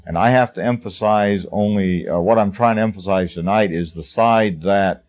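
A man earnestly teaching about Christian life, speaking deliberately and with emphasis, often repeating himself. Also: lowish voice, darkish tone. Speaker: Christian teacher answering a question. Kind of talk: unscripted spoken teaching. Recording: dull lo-fi recording.

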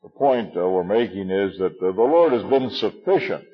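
A man in his sixties talks through a passage in a relaxed Bible study. His voice sits very low and sounds husky, and he halts often with fillers and chuckles at his own quips. The recording is dull and lo-fi. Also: moderate pace, faint music behind. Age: 60s. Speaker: Bible teacher.

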